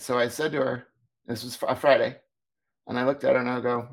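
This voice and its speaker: Gravelly man telling an animated story. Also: mid-range voice, fairly quick. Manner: animated, acts out quoted dialogue. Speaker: podcast co-host, former teacher. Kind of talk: casual storytelling chat.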